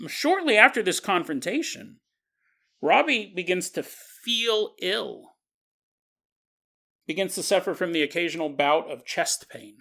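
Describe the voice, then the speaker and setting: A man hosting a podcast, telling a story in a casual, animated way and joking and laughing as he goes. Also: sits high, measured pace, gravelly, pauses often. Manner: animated, jokey, laughs often. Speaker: podcast host.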